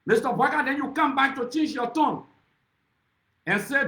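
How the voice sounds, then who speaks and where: Fiery high-voiced Liberian man. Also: animated, a little fast, pushed and bright, reverberant, poor audio. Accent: Liberian English. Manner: accusatory, repeatedly addressing his target by name. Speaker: political speaker. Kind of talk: impassioned political speech.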